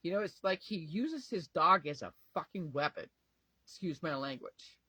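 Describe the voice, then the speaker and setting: A man's voice: on the high side, lively intonation, moderate pace, sharp tone, husky, dry recording, low-quality recording. A tired man venting to camera at home in a rambling, profane, emotional way, often trailing off and restarting. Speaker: vlogger. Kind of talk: casual talk to camera.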